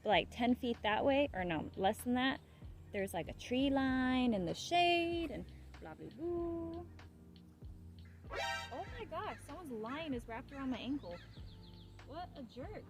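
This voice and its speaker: A young woman live-streaming herself fishing from a pond shore, chatting playfully to her viewers and getting loudly excited over a big catch. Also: sits high, a little slow, over music. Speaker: fishing vlogger. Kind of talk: casual live-stream chat.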